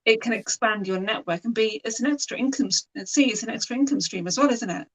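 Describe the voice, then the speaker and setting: A woman hosts an interview, mostly answering with brief affirmations and now and then putting a structured question. Her voice sits fairly high. She sounds set back from the microphone. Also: fast. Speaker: host. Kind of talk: conversational interview. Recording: distant from the mic.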